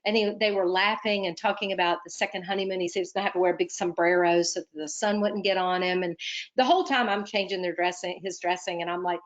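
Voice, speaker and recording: A woman's voice: on the low side, steady tone, fast, highs cut off. A woman, an admissions advisor, telling a personal story in an earnest, emphatic way and then giving application advice. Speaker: medical school admissions advisor.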